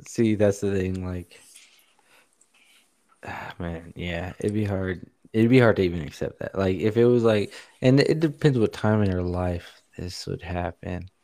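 Casual co-host, male, lowish voice, loose slangy talk. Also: a little slow, dark tone. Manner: loose, slangy, filler-heavy, laughs easily. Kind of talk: casual chat.

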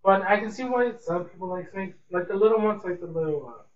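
A man's voice: high voice, fairly quick. A young man hosting a casual solo podcast, rambling and repeating words like "really" and "man". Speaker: podcast host. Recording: echoey room, distant mic, dull lo-fi sound, faint hiss.

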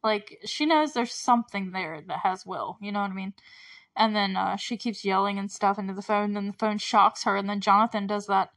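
A woman's voice: mid-range voice, fairly quick, a bit bright, no echo, far from the mic. A woman hosting a casual solo podcast, chatty and effusive, laughing often as she recaps a show. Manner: chatty and effusive, laughs often, quotes characters in brief put-on voices.

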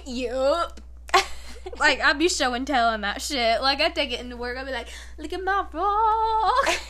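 Bright young woman hosting casual chat. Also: sits high, moderate pace, a little hiss or hum. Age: young adult. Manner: animated, swearing, acts out quotes with laughter. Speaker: podcast host.

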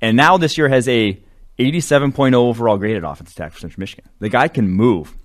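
At a quick pace and medium pitch, a man chats as co-host of a relaxed sports podcast, analyzing draft prospects in a loose, wandering way full of fillers.

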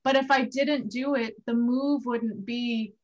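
Woman director in conversation, lively storyteller, higher voice, muffled recording. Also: measured pace. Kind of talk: anecdotal conversation. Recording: dull lo-fi sound.

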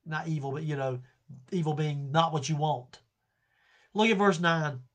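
A man teaching a Bible study in an impassioned preaching style. He pleads with his listeners and swings from quiet, low lines to shouted ones. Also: normal speed.

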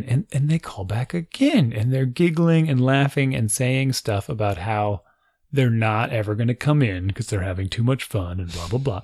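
A man's voice: mid-range voice, normal speed, darkish tone, no echo, clean studio sound. A man in his forties casually telling a funny family story, acting out quotes and laughing often.

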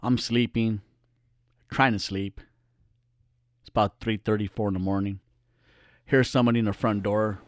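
A man's voice: lowish voice, steady tone, normal speed, long pauses, no room sound, clean studio sound. Blunt, cursing middle-aged male storyteller. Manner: blunt, profane, acts out the voices. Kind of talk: casual personal storytelling.

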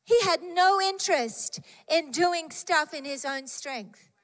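Female preacher, high voice, slow and emphatic delivery, repeats key phrases; echoing hall. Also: expressive, fairly bright tone. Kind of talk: sermon.

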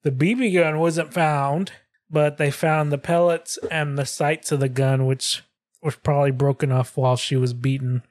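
A young man co-hosts a podcast, telling the details of a case in a loose, crude way. His voice sits fairly high. The sound is dry and close, with no room around it. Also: steady tone, moderate pace, darkish tone, no room sound. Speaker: podcast co-host. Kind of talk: casual podcast chat.

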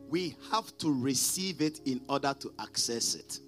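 Guy pastor preaching, voice jumps all over, big loud lines then quiet bits, asks the crowd to repeat. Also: fairly high pitch, sing-song, moderate pace, few pauses, faint music behind. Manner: preaching with call-and-response prompts to the congregation; emphatic, swings between loud declarations and quiet asides. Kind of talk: sermon.

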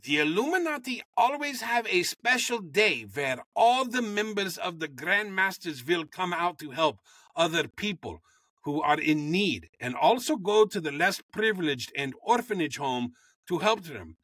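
Animated, bright-voiced comic podcaster, a man. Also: high voice, no echo, clean studio sound. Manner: animated, quick, swears freely. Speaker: podcast co-host. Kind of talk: comedic storytelling chat.

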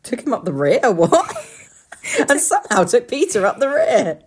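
Lively husky woman, swearing and laughing. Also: on the high side. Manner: swearing, quick-witted, laughing a lot. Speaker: podcast co-host. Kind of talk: casual chat.

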